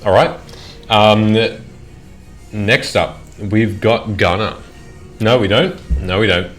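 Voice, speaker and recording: Unhurried man running a tabletop game. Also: fairly low pitch, soft background music. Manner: halting, restarting descriptions. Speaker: game master.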